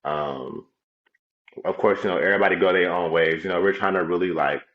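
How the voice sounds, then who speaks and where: A young man co-hosts a casual podcast in a very deep voice. He talks in a loose, laid-back way and swears freely. The recording is a little dull and muffled. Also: brisk, reverberant. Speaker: podcast co-host. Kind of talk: casual chat.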